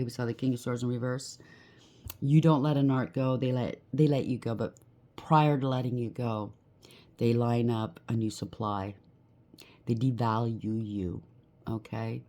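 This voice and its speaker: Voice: medium pitch, warm tone. A tarot reader giving a collective reading, blunt and emphatic, rattling off lists of traits and often checking in with "okay?".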